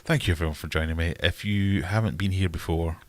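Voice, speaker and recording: A man with a low voice talks fast as he hosts a casual livestream. Reading and answering chat, he comes across as rambling, wry and self-mocking.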